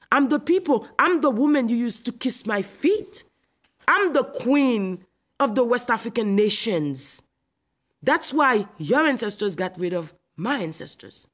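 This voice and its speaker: A woman from Haiti delivers a confrontational comic rant. She is haughty and scolding, like a queen talking down to someone. Her voice sits slightly high. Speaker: comedian.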